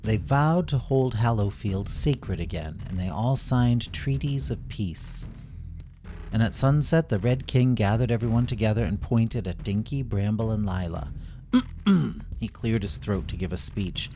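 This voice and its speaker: A man gently narrating a children's story, expressive and reading every part aloud. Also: lowish voice, measured pace, soft background music.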